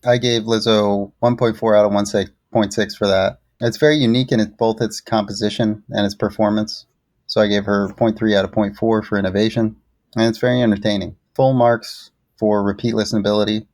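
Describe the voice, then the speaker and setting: A man co-hosting a music review show, reading his scores in a dry, measured way. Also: lowish voice, little pitch movement, darkish tone, no room sound. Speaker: co-host reviewing songs. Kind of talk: scripted podcast review.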